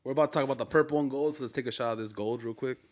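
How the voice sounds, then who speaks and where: A man's voice: medium pitch, rapid-fire. Casual podcast host, a man from LA, slangy and easygoing, mid-range voice. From Los Angeles. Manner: laid-back slangy storytelling, laughs often. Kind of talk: casual chat.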